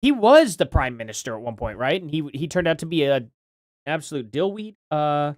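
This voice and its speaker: Rambling live-stream host, lively pitch. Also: male voice, brisk, dry recording, clean studio sound. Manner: rambling, thinking aloud, self-questioning. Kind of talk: casual live-stream commentary.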